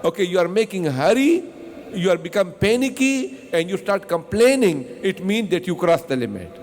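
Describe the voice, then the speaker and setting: Casting note: a male mosque teacher with a high voice, non-native English, rhetorical questions and lots of repetition, faint noise behind. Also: very animated, normal speed, a little mellow, big-room sound. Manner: asks the class questions and answers them himself; repeats himself and restarts often. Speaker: Quran teacher. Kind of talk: mosque tafseer lesson.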